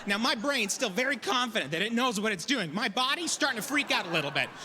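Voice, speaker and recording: A man from the Canadian prairies doing stand-up, telling animated stories and acting out the characters in them. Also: very high voice, fast talker. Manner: animated storytelling, acts out characters. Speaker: stand-up comic. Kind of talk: stand-up comedy. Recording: reverberant hall, faint noise.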